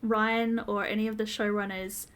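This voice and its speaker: A woman's voice: mid-range voice, flat delivery, moderate pace, fairly bright tone. A woman co-hosting a podcast, recapping a TV episode in a casual, detailed, step-by-step way with frequent ums. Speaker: podcast co-host.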